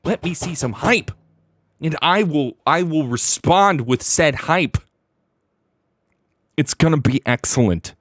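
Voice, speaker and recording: A man's voice: a little high, lively intonation, slow, long pauses, a bit bright, dry recording. A man hosting a live reaction stream, talking in a hyper, playful, rambling way, laughing often and reading out chat names. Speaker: streamer host.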